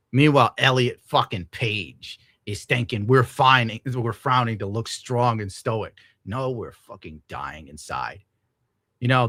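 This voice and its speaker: Young male streamer, bitter profane rant, sharp bright voice, dry. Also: medium pitch, dry recording. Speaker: streamer reacting to a clip. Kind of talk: ranting live-stream commentary.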